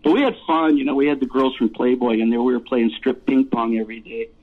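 A man's voice: mid-range voice, fast talker. Rambling man on a tinny phone line. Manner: rambling, laughing, profane storyteller. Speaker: musician guest. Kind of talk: casual storytelling interview.

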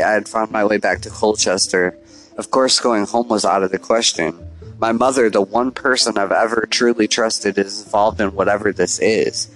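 A man with a lowish voice reads a first-person horror story as if confiding in a diary. His telling is earnest and confessional, with a faint bed of music beneath. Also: fairly bright tone, rough recording. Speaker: narrator.

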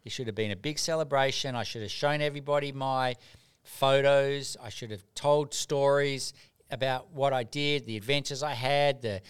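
A man's voice: mid-range voice, fairly even intonation, moderate pace, clean tone. Earnest man telling stories. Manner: earnest storyteller, repeats words as he starts. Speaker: guest, doctor and mentor. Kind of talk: casual interview.

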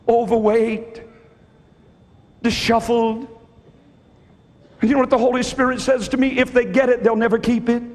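A man preaching a sermon to a church. He pleads with the congregation, dropping to hushed, almost whispered lines and then rising to shouted exhortation. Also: very high-pitched. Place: large church hall. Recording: long hall reverb.

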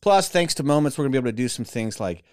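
A man co-hosting a podcast with a lively, wide-ranging pitch. He jokes around and keeps the chat moving. Recorded close and dry. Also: racing, no room sound. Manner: animated, jokey, introduces guests. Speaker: podcast co-host.

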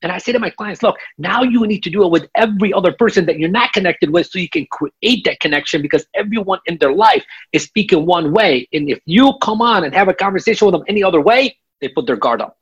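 A man's voice: high voice, lively intonation, fast, hardly any pauses, a bit bright, husky, muffled recording. A man working as a sales coach, explaining techniques step by step in a podcast interview and checking in with "okay?". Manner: instructive, repeats "okay?" to check in.

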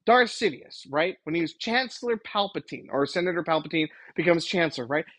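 Podcast host going off on a solo rant, husky voice, dry close sound, keeps hammering points home. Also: medium pitch, expressive, a little fast, a bit bright, no echo, poor audio. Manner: exasperated, emphatic, lecturing.

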